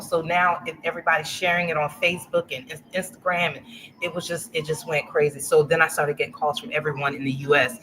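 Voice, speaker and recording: A middle-aged woman from Louisiana talks as a guest in a casual interview, telling her business story with lots of animation. She acts out what people said to her and laughs often, and clear background noise runs under her voice. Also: low voice, flat delivery, fast talker. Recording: noisy livestream audio.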